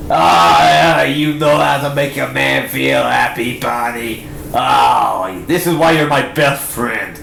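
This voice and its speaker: A man voicing two bulky, burly men gossiping like friends on a shopping trip, in loud, chummy, gruff banter. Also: medium pitch, slow pace, hardly any pauses, echoey room, slight background noise, pitched below the performer's own voice, exaggerated voice.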